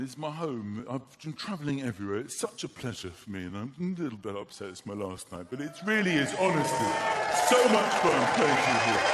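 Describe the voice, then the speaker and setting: A man doing stand-up comedy on a theatre stage, acting out little scenes and voices. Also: mid-range voice. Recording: live theatre with audience noise.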